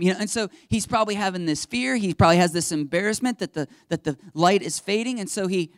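A male pastor giving a casual, animated sermon in a church, acting out the people in his stories. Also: sits high, quick pace, hardly any pauses, smooth, dry recording, studio quality. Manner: animated storytelling, acts out voices. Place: church sanctuary under stage lights.

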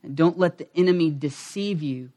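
A man's voice: on the high side, normal speed, dark tone. A middle-aged male pastor giving a conversational sermon, acting out quoted voices and asides to the congregation.

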